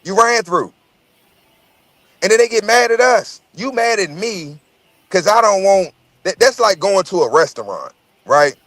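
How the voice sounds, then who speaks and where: Guy ranting and telling stories, swears a lot, kinda high voice, dry close sound. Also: lively intonation, a little slow, pauses often, a bit bright, no echo. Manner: profane, rambling storytelling with repeated words. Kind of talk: casual chat.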